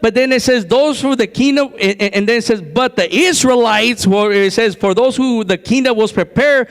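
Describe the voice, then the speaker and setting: High-voiced excitable preacher in a hall. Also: male voice, normal speed. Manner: excited and conversational, repeats phrases. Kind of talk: sermon. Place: church sanctuary.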